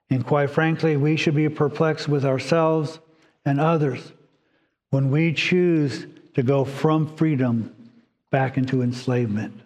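A male pastor delivering a sermon with earnest, gentle storytelling. His voice sits a little higher than most men's, and it rings out with a long hall reverb. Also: fairly even intonation, a little slow.

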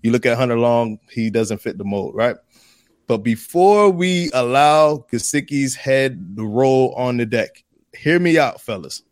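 A man's voice: mid-range voice, unhurried, no room sound. A man hosting a sports podcast, building an argument emphatically and repeating his points for effect. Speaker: podcast host. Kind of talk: casual sports podcast chat.

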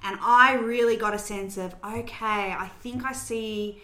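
A woman's voice: fairly high pitch, steady tone, unhurried, pushed and bright. A woman hosting a podcast, chatting casually and retelling a film's plot scene by scene. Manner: chatty, storytelling recap with fillers. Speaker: podcast host recapping a film. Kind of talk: casual chat. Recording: roomy echo.

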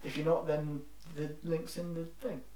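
A man's voice: on the high side, level tone, moderate pace, warm tone. A man co-hosting a casual podcast, signing off in a dry, easygoing way. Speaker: podcast co-host. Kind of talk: casual chat. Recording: roomy, distant from mic.

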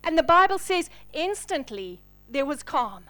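A woman pastor with a very high voice preaches a sermon. She moves from ringing declarations down to soft, breathy whispers. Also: sing-song, unhurried. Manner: dynamic preaching, swinging from loud declarations to hushed whispers.

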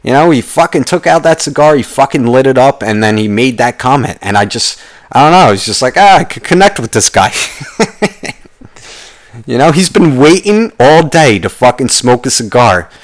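A young man ranting casually, profane and rambling, telling a story with animated quoted voices. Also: medium pitch, normal speed. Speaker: podcast host.

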